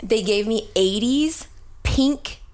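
A woman from Texas, co-hosting a podcast, tells a comic story in a chatty, animated way and swears freely. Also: fairly high pitch, takes it slowly. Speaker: podcast co-host.

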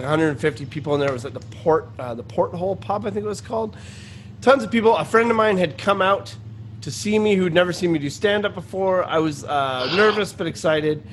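Male stand-up comic hosting a podcast; lightly raised pitch, loose animated storytelling. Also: slight background noise. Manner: rambling, animated anecdote-telling. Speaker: stand-up comedian and podcast host. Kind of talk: casual chat storytelling.

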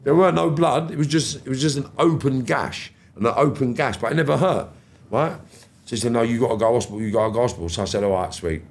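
A man's voice: medium pitch, animated, fast, creaky. A middle-aged man with a London accent, a podcast guest retelling events in blunt street slang with plenty of swearing. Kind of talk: casual storytelling.

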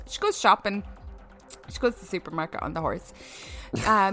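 A woman's voice: medium pitch, fairly bright tone. A woman co-hosting a comedy podcast, joking around and reading odd news stories in a playful mock-newscaster way, often breaking into giggles. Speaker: podcast co-host.

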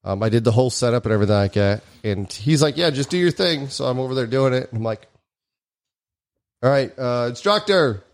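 A man's voice: a little fast, smooth. A man and former army bomb technician casually telling stories, acting out the people he quotes. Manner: animated, acts out quoted voices with big pitch jumps. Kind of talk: casual storytelling chat.

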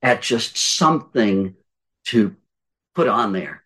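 A man's voice: on the low side, expressive, takes it slowly, pushed and bright. An older man giving voice-over advice in a podcast conversation, emphatic, repeating his points and asking rhetorical questions. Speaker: guest voice-over coach.

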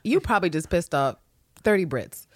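Lively low-voiced woman podcast co-host. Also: moderate pace, no room sound, clean studio sound. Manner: animated, swears freely, laughs often. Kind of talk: casual podcast chat.

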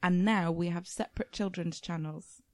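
A woman's voice: fairly low pitch, moderate pace, darkish tone, dry recording. Chatty woman hosting a podcast. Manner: chatty, laughs often, trails off with fillers. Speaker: podcast co-host. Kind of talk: casual podcast chat.

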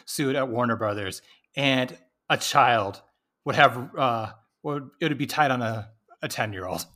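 A man's voice: medium pitch, a little slow, pushed and bright. A man co-hosting a podcast, chiming in with joking, wry asides during a casual movie recap. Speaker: podcast co-host.

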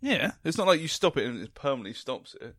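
Brief: male co-host, bouncy expressive pitch, dry close mic, quick to tease. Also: no echo. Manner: teasing, laughs often. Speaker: podcast co-host. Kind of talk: casual chat.

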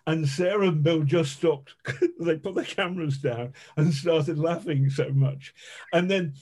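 Man, journalist, storytelling with a mellow, dark tone, lively and profane. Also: a little high, unhurried. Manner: lively, swearing, self-mocking storyteller. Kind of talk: conversational anecdote.

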